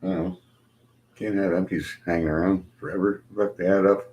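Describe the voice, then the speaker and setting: A middle-aged man hosts a casual livestream and rants at his viewers. His voice sits fairly low, and he swears at almost every turn. He breaks into laughter as he tells his stories with big, animated energy. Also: normal speed, lo-fi sound, a little hiss or hum. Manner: profane, animated storytelling with laughter. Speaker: livestream host.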